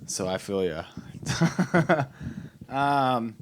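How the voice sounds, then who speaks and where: Low-voiced laid-back male emcee. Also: normal speed, slight background noise. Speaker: show host. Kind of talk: emceeing a comedy show. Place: small comedy venue.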